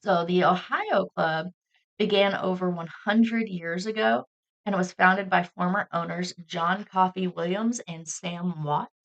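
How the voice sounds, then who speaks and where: A woman co-hosting a podcast in a relaxed, chatty way, with frequent fillers. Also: fairly low pitch, measured pace, lo-fi sound. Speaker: podcast co-host. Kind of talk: casual podcast chat.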